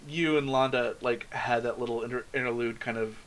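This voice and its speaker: A man narrating as game master in a tabletop game, relaxed and full of fillers. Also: mid-range voice, brisk. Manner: relaxed, filler-heavy description, laughs often.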